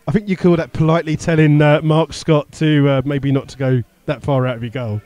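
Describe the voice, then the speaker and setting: A man's voice: on the high side, fairly even intonation, a little fast, a little mellow. A man giving live radio commentary on a football match, rattling off play-by-play with the odd filler and chuckle. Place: stadium commentary position.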